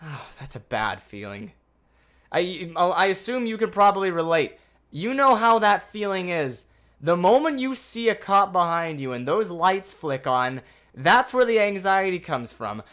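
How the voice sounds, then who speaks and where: Bright-voiced man telling a story. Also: sits high, unhurried. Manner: animated, swearing, anxious retelling. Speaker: vlogger. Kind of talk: casual storytime vlog.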